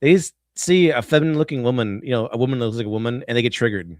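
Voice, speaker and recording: A man's voice: medium pitch, rapid-fire, dry recording, studio quality. A man streaming, giving rambling casual commentary on a video he is watching, often restarting his sentences.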